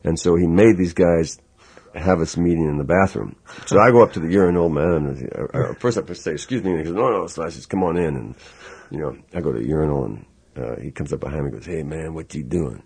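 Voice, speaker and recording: Male musician guest, deep raspy voice, animated storyteller. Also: fast, hardly any pauses. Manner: animated storyteller acting out quotes, laughing. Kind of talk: casual interview anecdote.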